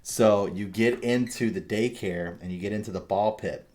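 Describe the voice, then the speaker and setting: A man with a somewhat low voice chatting as a podcast host. He tells stories in a rambling, animated way and drops curse words freely. The delivery is loose and casual. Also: moderate pace. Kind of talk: casual chat.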